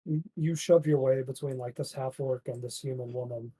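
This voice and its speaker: A man's voice: mid-range voice, fairly even intonation, moderate pace, warm tone, husky, rough recording. A man narrating as game master, voicing the townsfolk with "he says" and "she says" before each line. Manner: plays the merchant and innkeeper voices with "he says".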